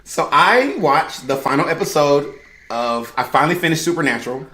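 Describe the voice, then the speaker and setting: A woman on a podcast panel, telling her story in an animated, emphatic way in casual chat. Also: low voice, moderate pace, echoey room. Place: podcast studio room.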